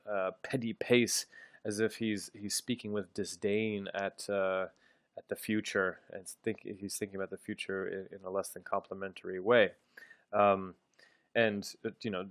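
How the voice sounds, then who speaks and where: Low-voiced man giving a halting literature lecture. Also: no room sound. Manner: thoughtful, halting, with frequent ums and restarts. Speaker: literature teacher.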